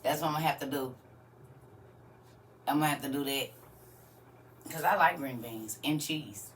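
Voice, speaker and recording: A woman's voice: low voice, moderate pace, a little hiss or hum. A woman hosting a casual livestream, chatting with viewers and often laughing as she answers their comments. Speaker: livestream host.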